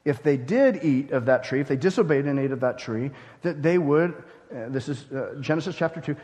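A man preaching a sermon as pastor, emphatic, swinging between loud declarations and hushed phrases. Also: medium pitch, animated, fairly quick. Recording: long hall reverb.

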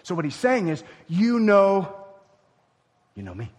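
A man preaching a sermon as pastor, swinging from loud emphatic lines to hushed, near-whispered ones. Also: high-pitched, wildly swooping pitch, measured pace, in a large hall, slight background noise.

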